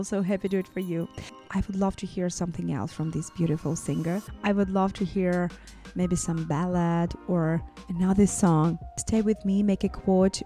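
A woman's voice: fairly low pitch, dark tone. A woman who is a vocal coach and singer, giving gushing, effusive song reaction commentary.

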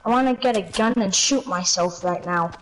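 A woman's voice: fairly high pitch, background noise. A woman streaming a video game live, exasperated, repeating exclamations and shrieking when her character dies. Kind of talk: live gameplay chatter.

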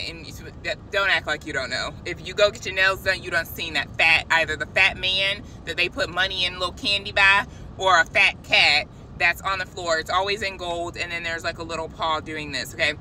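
Bright-voiced woman telling a lively story. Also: medium pitch, a little hiss or hum, rough recording. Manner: animated, chatty, addresses viewers directly. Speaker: christian vlogger. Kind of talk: casual testimony storytelling.

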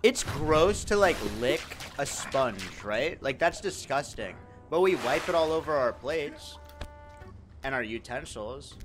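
Lively, joking young male streamer. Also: mid-range voice, a little slow, over music. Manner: animated, joking and profane, teasing back at chat. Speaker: livestreamer. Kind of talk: casual live-stream chat.

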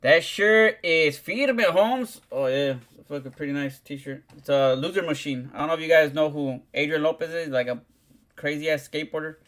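A man's voice: fairly high pitch, steady tone, brisk. A man, chatting casually on a livestream, rambling and swearing in heavy slang. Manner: profane, slangy, rambling, keeps saying "dog".

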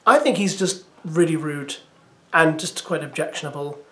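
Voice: medium pitch, normal speed. A reaction video host giving chatty, hesitant commentary to camera, musing aloud.

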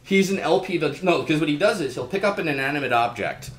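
A man chatting casually as a podcast co-host, his pitch swinging widely as he rants. He swears freely and slips into loud, mocking impressions. The recording has a roomy echo. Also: expressive, quick pace, background noise. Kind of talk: casual chat.

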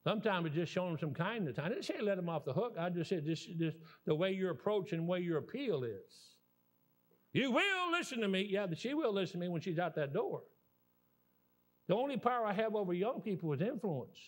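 A man's voice: high voice, brisk. A man in his sixties with a Southern US accent, preaching a sermon as a guest preacher and telling stories in a folksy, rambling way. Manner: folksy, animated storytelling with rambling restarts.

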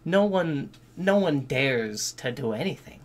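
A man giving casual, excitable reaction commentary on a game trailer, swearing freely and thinking out loud. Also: a little high, measured pace. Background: game trailer music.

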